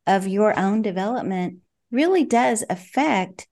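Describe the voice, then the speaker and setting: An older woman, a parenting coach, giving reflective, measured answers in a podcast interview, often saying "you know". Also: mid-range voice, animated, darkish tone.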